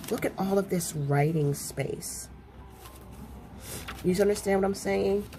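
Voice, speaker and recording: A woman chatting casually to her viewers, gushing and excitable, often repeating herself as she talks. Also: medium pitch, measured pace, soft background music. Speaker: crafting vlogger.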